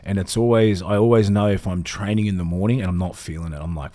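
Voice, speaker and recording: A man's voice: low-pitched, steady tone, quick pace, hardly any pauses, dark tone. An Australian man co-hosting a casual podcast, laid-back and rambling, swearing freely. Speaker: podcast co-host.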